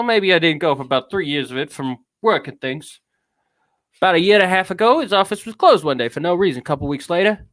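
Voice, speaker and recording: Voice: medium pitch, fairly bright tone, no echo, close to an everyday voice. Streamer doing a pompous fake british voice, all tortured and dramatic, dry sound. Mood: mournful. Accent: put-on British. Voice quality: theatrical, affected drawl. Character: grandiose anguished man reading his own confession. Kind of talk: dramatic reading of a text.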